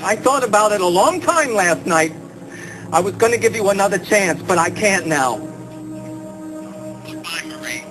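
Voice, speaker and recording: An actor playing a cold, controlling estranged father, clipped in anger and softly coaxing with his child. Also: high voice, sing-song, moderate pace, pauses often, over music, poor audio. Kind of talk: TV movie drama acting.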